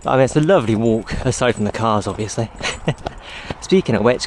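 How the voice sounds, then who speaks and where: In this casual walking vlog, a man strolls along a road with his dog, talking to the handheld camera and urging the dog on. His voice is medium-pitched and fairly quick. The outdoor recording is noisy, with ambient sound and the dog audible.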